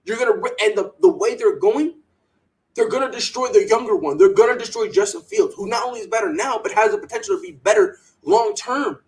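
A man's voice: sits high, brisk, low-quality recording. A man hosting a sports podcast, ranting with strong opinions and mocking quotes in a put-on voice. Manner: animated, heated rants with mocking put-on quotes. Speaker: podcast host.

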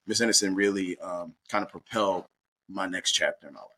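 A middle-aged man from Baltimore tells a personal story as an interview guest. His voice sits low but comes out bright and forceful. He keeps it animated and slips into the other people's lines as he goes. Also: a little fast, slight background noise. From Baltimore, USA. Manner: lively anecdotal, acts out dialogue.

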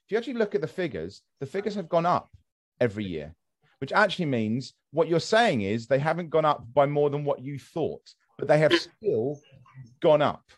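A man's voice: a little high, very animated, normal speed. A man in his thirties hosting a podcast, arguing his opinions with many restarts and repeated words. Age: 30s. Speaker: podcast host. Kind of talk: casual podcast discussion.

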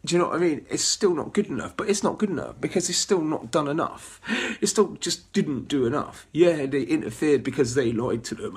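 A man's voice: a little high, brisk, husky. A man, giving a rambling, ranting webcast monologue full of filler runs and chuckles. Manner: chuckles between phrases. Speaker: webcast host.

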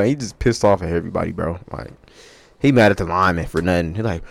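A man's voice: low-pitched, fast talker, vocal fry, dry recording. A young man hosting a sports podcast, ranting in a casual, profane, rambling way.

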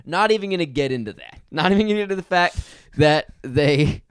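A man's voice: a little high, animated, fast talker, slight background noise. A man co-hosting a casual podcast and reviewing a movie, telling wry, profane stories about how bad it was. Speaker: podcast co-host.

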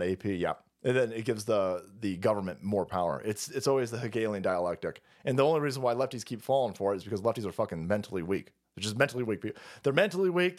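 A man's voice: lowish voice, a little mellow. A man hosting a livestream, delivering profane, heated political rants. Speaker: livestream host. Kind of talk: ranting political commentary stream.

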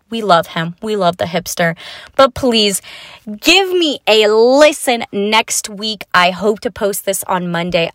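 A woman in her twenties hosting a podcast, telling stories from her college years in a chatty, self-mocking way with casual swearing and quick asides. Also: mid-range voice, no room sound, studio quality. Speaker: podcast host. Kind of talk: unscripted storytelling monologue.

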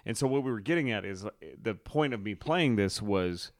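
A man's voice: fairly low pitch, animated, fairly quick, no echo, studio quality. A man hosting a podcast in casual chat, rambling and swearing with frequent restarts. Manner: rambling, profane, many restarts. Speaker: podcast host.

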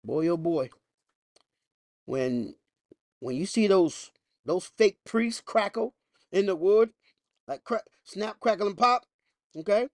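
A man's voice: high-pitched, animated, slow pace, pauses often, a little mellow, no echo, clean studio sound. A male pastor preaching a sermon emphatically, with folksy asides and rhetorical questions.

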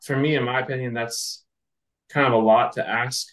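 A man's voice: mid-range voice, fairly even intonation, moderate pace, fairly bright tone, roomy sound, rough recording. A man co-hosting a sports podcast, chatting casually and thinking aloud with frequent fillers. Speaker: podcast co-host.

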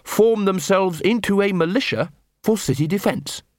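A man's voice: sits high, moderate pace, darkish tone, dry recording, studio quality, voice pushed up, natural voice. A man voicing an earnest, polite young watch corporal who speaks formally and by the book, in an audiobook reading.

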